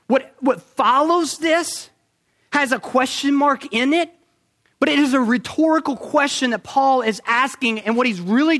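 A man preaching a sermon, emphatic, asking rhetorical questions and slowing down to stress key points. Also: very high voice, fairly bright tone.

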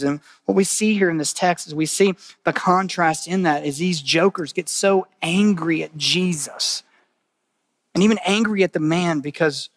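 A man preaching a sermon as a pastor. He talks in an earnest, conversational way, repeats phrases for weight, and moves between loud emphatic bursts and quiet, hushed lines. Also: high-pitched, no echo, clean studio sound.

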